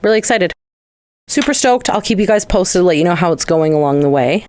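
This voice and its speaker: A woman's voice: fairly low pitch, animated, brisk, a little mellow, no room sound. A young adult woman, co-hosting a casual podcast chat, rambling through stories and swearing freely. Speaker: podcast co-host.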